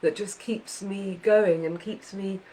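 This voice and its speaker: A woman's voice: mid-range voice, fairly even intonation, takes it slowly, dark tone, poor audio. A woman hosting a casual chat with her son, heartfelt and rambling, full of fillers and restarts. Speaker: podcast host, mother.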